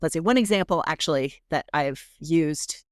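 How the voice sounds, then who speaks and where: A middle-aged woman professor, chatty and animated, often interrupting herself as she talks in a podcast interview. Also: sits low, normal speed, no echo, clean studio sound. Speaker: guest professor.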